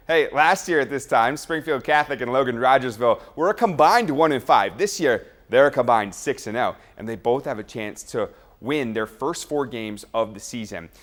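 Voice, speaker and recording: A man anchoring a sports show, reading high school football highlights with energetic play-by-play and joking asides.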